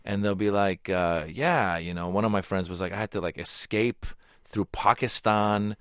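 Lively low-voiced man telling stories. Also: normal speed, smooth, dry recording, clean studio sound. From Iran. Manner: animated storyteller, acts out quotes. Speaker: guest author and comedian. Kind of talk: casual interview chat. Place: radio studio.

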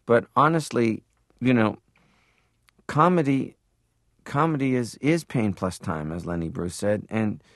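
A man from Canada, an interview guest, telling animated stories and slipping into impressions. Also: medium pitch, a little slow, pauses often, no room sound, clean studio sound. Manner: animated storyteller who drops into impressions. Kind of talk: interview talk.

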